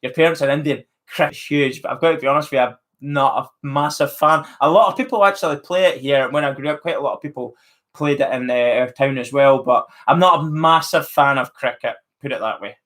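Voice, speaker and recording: A man's voice: medium pitch, a little fast, a bit bright. A man with a Northern Irish accent hosting a live stream, chatting casually and reading out viewer comments. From Northern Ireland. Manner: chatty, friendly, reads viewer names aloud.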